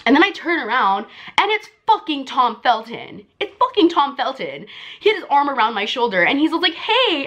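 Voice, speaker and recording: A young woman vlogger telling a story in casual, filler-heavy chat, her voice jumping high when she relives excitement. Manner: chatty, full of "like" and "um" fillers.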